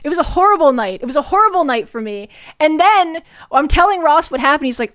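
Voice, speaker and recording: A young adult woman streamer telling a story in casual chat, animated, swearing often and laughing between lines. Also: high voice, moderate pace, no echo, clean studio sound.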